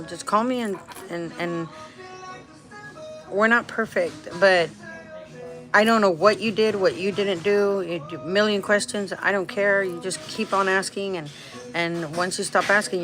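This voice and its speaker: A woman vlogs from a restaurant with a lowish voice that comes across bright and forceful. She talks casually and rambles, frequently starting over, laughing often and tossing in Spanish phrases.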